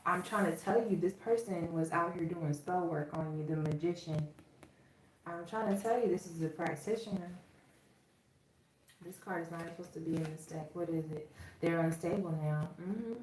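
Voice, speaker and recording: A woman's voice: lowish voice, moderate pace, a little mellow, slight background noise. Chatty Southern woman reading tarot. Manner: chatty, emphatic, checks in with "okay?" often. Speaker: tarot reader. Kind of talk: casual tarot reading to viewers. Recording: roomy echo, distant from the mic.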